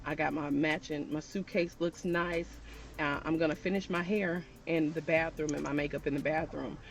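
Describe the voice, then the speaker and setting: A woman's voice: low-pitched, fairly even intonation, moderate pace. A woman telling a personal story in a chatty storytime style, talking straight to her viewers. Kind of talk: casual storytime.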